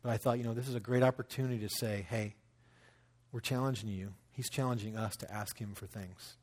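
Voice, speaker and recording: A man's voice: lowish voice, steady tone, a little fast. A man in his thirties telling a personal story in a conversational sermon, acting out quotes as he goes. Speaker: pastor.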